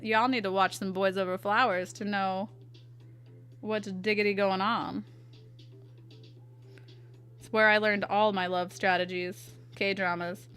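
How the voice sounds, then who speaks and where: A woman's voice: medium pitch, flat delivery, slow, pauses often, fairly bright tone, smooth, faint music behind. A young woman chatting playfully with her live chat as she draws, answering them aloud. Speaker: artist streamer. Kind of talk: casual livestream chat while drawing.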